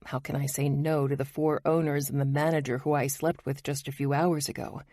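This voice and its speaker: A woman's voice: low-pitched, flat delivery, brisk, warm tone, no echo, clean studio sound. A woman narrating a romance audiobook in the first person, wry and intimate.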